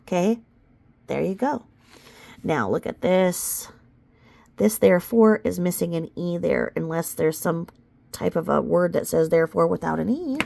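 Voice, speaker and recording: A woman's voice: on the low side, animated, unhurried, creaky, darkish tone. A woman commentator reading court filings aloud in a casual way, with sarcastic, mocking asides and sudden outbursts.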